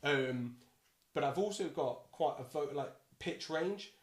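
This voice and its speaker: A bassy-voiced man who sits slightly high in his range chats playfully as a podcast guest. He keeps his talk animated and slips into quick silly character voices. The sound is roomy and echoey. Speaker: dungeon master guest. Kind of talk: casual podcast chat.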